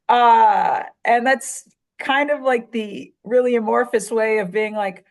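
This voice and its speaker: A woman's voice: on the high side, slow pace. A woman from Chicago chatting casually as a podcast guest, candid and wry, with many fillers and frequent profanity. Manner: quotes others in animated voices. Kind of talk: casual conversation.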